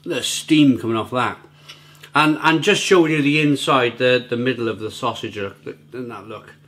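A man reviewing food for his vlog from home, chatty and rambling. His pitch sits in an ordinary middle range. He keeps stumbling over and repeating his words as he goes. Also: normal speed, fairly bright tone. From Britain. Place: at home, near the grill.

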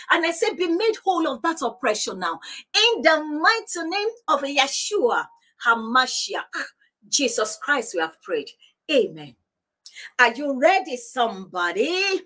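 A woman's voice: high-pitched, sharp tone. A woman pastor preaching on divine healing, insistent and repeating declarations, praying aloud. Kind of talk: sermon teaching on divine healing.

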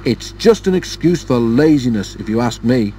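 A man's voice: medium pitch, lively intonation, mellow, slight background noise, lightly acted. A man voicing a small, cheeky male tank engine who grumbles and huffs, in a storybook reading. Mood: indignant. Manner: huffy, quick to grumble.

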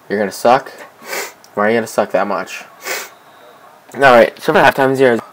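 A young man casually commenting on his own soccer video game match, excitable and repeating himself as he begs teammates for the ball. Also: medium pitch, brisk, pauses often, low-quality recording. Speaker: gameplay commentator. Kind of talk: casual let's-play commentary.

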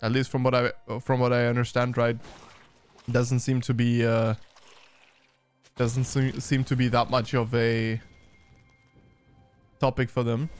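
A man's voice: medium pitch, flat delivery, clean tone, soft background music. Chatty male esports caster. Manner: loose and chatty, frequent fillers and restarts; turns brisk during play-by-play. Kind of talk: casual game review commentary.

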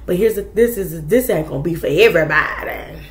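A woman's voice: on the low side, animated, brisk, echoey room. A woman giving a casual tarot reading, talking bluntly and chattily to her viewers with plenty of profanity. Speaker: tarot reader.

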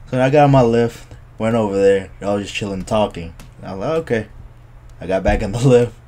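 Low-voiced man telling animated stories. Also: fast. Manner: animated, laughing storyteller. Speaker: podcast co-host. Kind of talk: casual chat. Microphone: podcast microphone.

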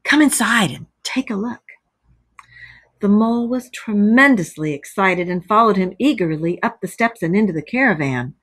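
A woman's voice: mid-range voice, fairly bright tone. A woman teacher reading a story aloud to children, stopping to explain words.

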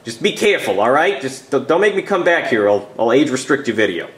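A man's voice: mid-range voice, sing-song, a little fast, very noisy, lightly acted. A man voicing a fussy, earnest internet cop who stammers as he lectures. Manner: stammering, prissy. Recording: roomy echo.

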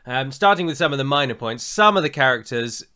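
An English podcast co-host with a standard southern English accent chats casually and gives opinionated reviews, using frequent fillers. His mid-range voice is expressive, bright and forceful, and he speaks a little fast.

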